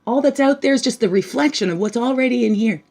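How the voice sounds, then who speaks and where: A woman giving a casual spiritual talk while reading oracle cards, bubbly and chatty, often tagging on "right?" and slipping into soft, hushed asides. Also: a little high, quick pace. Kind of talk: casual spiritual teaching monologue.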